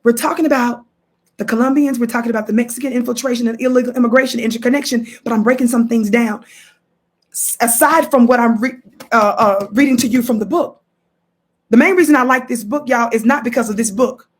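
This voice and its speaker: An emphatic woman hosts a live stream and reads from a book. Her voice sits fairly high, and she keeps calling on viewers to listen. She repeats quotes to press her points home. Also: brisk, husky. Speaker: livestream host. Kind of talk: live commentary reading from a book.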